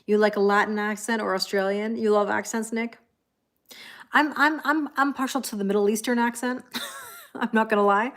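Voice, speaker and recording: A chatty woman in her forties hosts a casual live stream as a tarot reader. She talks in a loose, friendly flow, laughs easily and reads viewer comments aloud as she goes. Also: mid-range voice. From Canada.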